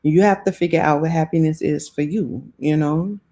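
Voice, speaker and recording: A woman's low, dark voice moves at a normal speed as she talks casually with live-stream viewers and reads their comments. She's from New Orleans, speaks with its accent, laughs frequently, and is broadcasting from a home in South Florida.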